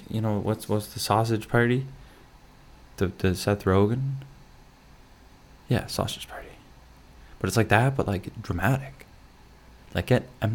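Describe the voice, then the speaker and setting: A man's voice: on the low side, creaky, darkish tone. A young man hosting a solo podcast from his bedroom, rambling with lots of fillers and restarts, with dry self-mocking humor. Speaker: podcast host. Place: his bedroom, lamp in the corner.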